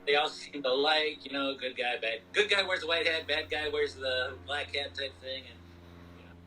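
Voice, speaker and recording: Casting note: bright-toned male podcast co-host, loose and rambling, a little distant from the mic. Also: mid-range voice. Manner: rambling, many "you know" fillers. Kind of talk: casual movie review chat.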